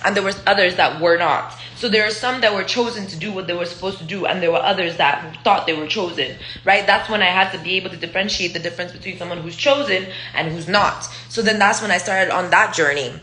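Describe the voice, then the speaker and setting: A woman's voice: fairly low pitch, fast, hardly any pauses, sharp tone. A woman in her twenties from Israel, telling personal stories in a loose, profane, rambling way with lots of fillers. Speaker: vlogger. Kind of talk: casual storytelling monologue. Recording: echoey room.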